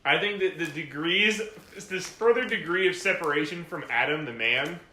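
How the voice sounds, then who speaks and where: A man's voice: a little high, normal speed, sharp tone, roomy sound. A man co-hosting a casual podcast aftershow, joking and rambling through odd theories with restarts. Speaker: podcast co-host. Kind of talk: casual chat.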